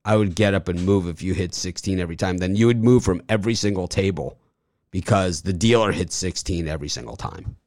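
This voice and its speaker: Man, very deep voice, sports betting host, casual chat, dry recording. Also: fairly quick, a little mellow, no room sound.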